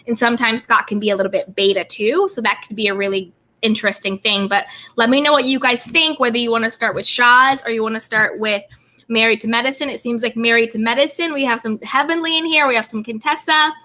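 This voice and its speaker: A woman's voice: fairly high pitch, fast talker, sharp tone. A woman hosting a live stream, chatting about reality TV in a bubbly way and greeting viewers by name. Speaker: YouTube host. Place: California home.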